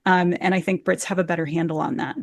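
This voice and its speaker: A woman's voice: lowish voice, flat delivery, quick pace, gravelly, no room sound. An American woman, an actor and Shakespeare coach, talking earnestly and passionately in an interview over a video call, often repeating words as she starts a phrase. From United States. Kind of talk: conversational interview. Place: home room, video call.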